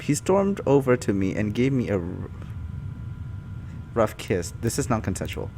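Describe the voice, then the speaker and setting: A man doing a comic read-through of fan fiction, animated and often breaking off to laugh and comment. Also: lowish voice, moderate pace, gravelly, a little hiss or hum. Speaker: YouTuber reading fan fiction. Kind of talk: comic reading with live reactions.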